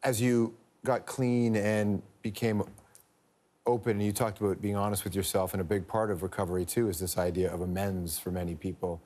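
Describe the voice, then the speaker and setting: Fairly low male host, studio interview, direct and engaged. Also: flat delivery, a little fast, darkish tone. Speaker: TV talk show host. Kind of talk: interview hosting.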